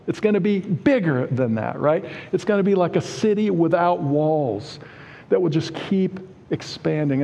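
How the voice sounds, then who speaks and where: A man's voice: fairly high pitch, dark tone. A male pastor preaching a sermon in a conversational way, often asking the congregation "Amen?". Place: church sanctuary. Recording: long reverb of a church hall.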